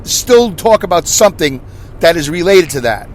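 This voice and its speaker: A loud man in his fifties with a New York accent talks in a rambling, self-deprecating podcast monologue. His voice sits a little high for a man. A faint hiss of noise runs under the recording. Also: animated, normal speed. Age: 50s. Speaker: podcast host. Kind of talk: casual monologue.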